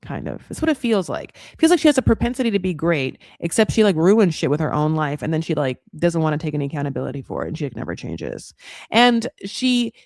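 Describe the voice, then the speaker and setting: Brief: chatty woman recap host, lively swooping pitch, profane and gossipy, dry close mic. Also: quick pace, vocal fry, no room sound. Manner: candid, profane, gossipy, with a lot of "like". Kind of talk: casual commentary.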